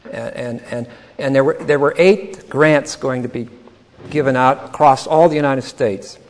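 A man's voice: medium pitch, unhurried, a little hiss or hum. Older man rambling through a story, hall echo. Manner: rambling, chuckling, repeats words. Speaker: speaker telling his life story. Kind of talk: anecdotal storytelling talk.

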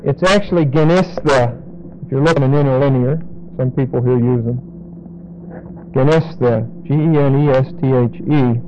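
A man teaching a Bible study to a congregation, explaining word meanings and repeating key words slowly for emphasis. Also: medium pitch, dark tone, muffled recording, a little hiss or hum.

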